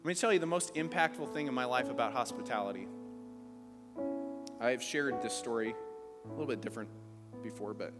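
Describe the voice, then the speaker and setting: A man's voice: medium pitch, brisk, pauses often. A pastor preaching a sermon to his congregation, talking casually and building to emphatic peaks. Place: church sanctuary. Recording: reverberant church hall with faint music.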